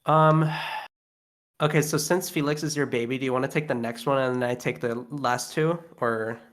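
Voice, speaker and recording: A man's voice: medium pitch, steady tone, moderate pace, a bit bright. A man, a guest in a casual game reaction chat, talking bluntly and jokingly and swearing freely. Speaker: guest co-host.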